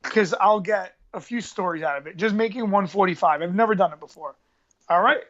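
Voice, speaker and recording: A man's voice: high voice, brisk, fairly bright tone, highs cut off. A man, an MMA fighter and coach telling stories in a casual podcast interview, rambling and using street slang. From New York area. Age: 30s.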